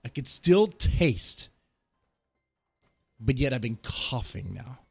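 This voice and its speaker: A man's voice: medium pitch, big pitch swings, slow, creaky, darkish tone, slightly rough, no room sound. Stuffy-nosed man ranting casually. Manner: rambling, joking, with coughs and sighs. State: stuffed-up nose; short of breath. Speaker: vlogger host. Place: home garage studio.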